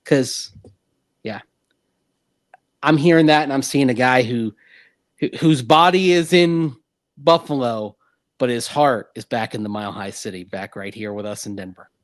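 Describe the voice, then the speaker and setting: A man co-hosting a sports talk radio show, talking in an animated, rambling way with frequent restarts. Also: medium pitch, measured pace, pauses often, no echo.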